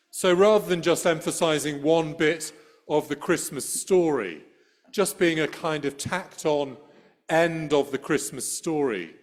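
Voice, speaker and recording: Conversational middle-aged male priest. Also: on the high side. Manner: conversational storytelling with dry humor. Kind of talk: sermon. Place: church. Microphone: church microphone.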